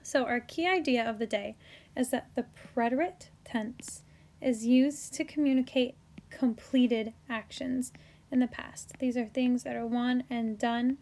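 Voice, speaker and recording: A woman with a high, bright-toned voice walks through a recorded grammar lesson at an unhurried pace. She spells endings out carefully and slips in playful jokes and quick corrections of herself. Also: steady tone. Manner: playful, self-correcting, jokey asides. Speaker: Spanish teacher.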